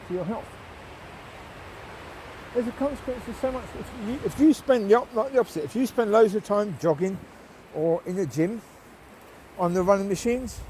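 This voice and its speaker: Man, high animated voice, casual rambling faith talk on a countryside walk. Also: background noise. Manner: rambling, conversational, asks listeners tag questions. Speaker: lay Christian vlogger. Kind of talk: casual spoken devotional while walking. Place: outdoors in the countryside, walking dogs.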